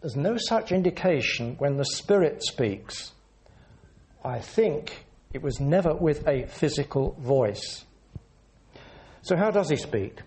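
A man delivers a sermon in an earnest, measured way. His voice sits a little high and moves in lively swings of pitch. He leans into key words to stress them. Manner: earnest, measured teaching delivery with rising emphasis. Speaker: preacher.

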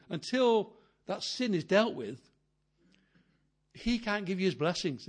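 An older man preaching with a slightly raised pitch. He is earnest and quotes scripture often, dropping to quiet asides and then building to emphatic, louder passages. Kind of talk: sermon.

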